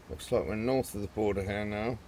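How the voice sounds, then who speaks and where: A man's voice: lowish voice, darkish tone, a little hiss or hum. A man hosting a gaming video, giving casual, rambling commentary and chatting to viewers as he plays.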